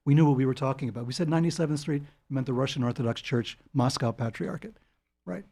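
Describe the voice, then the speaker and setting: An older man, telling long anecdotes as a guest in an interview, animated and chuckling. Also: mid-range voice, quick pace, gravelly. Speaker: guest author. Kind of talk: storytelling interview.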